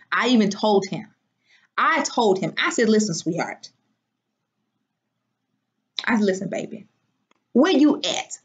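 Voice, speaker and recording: A woman from Washington, D.C., chatting casually and rambling on her livestream, using folksy slang. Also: fairly high pitch. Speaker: livestream host. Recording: dull lo-fi sound.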